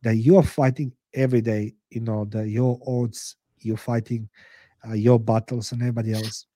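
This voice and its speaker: A man's voice: mid-range voice, flat delivery, normal speed, mellow, no room sound, clean studio sound. A middle-aged man, a podcast guest and author, speaking English as a second language in blunt, emotional interview talk that is heavy with swearing. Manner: earnest, blunt, swears freely, non-native English.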